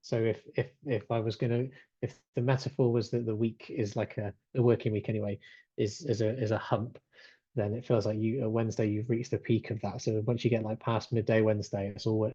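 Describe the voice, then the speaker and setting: A man hosting a webinar over a video call chats easily and reads replies from the chat with plenty of ums. His voice is mellow and dark, heard dry and close. The audio has a slightly dull, muted edge. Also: fairly low pitch, flat delivery, brisk, husky, no room sound. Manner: chatty, reads out chat replies, many fillers. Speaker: webinar host.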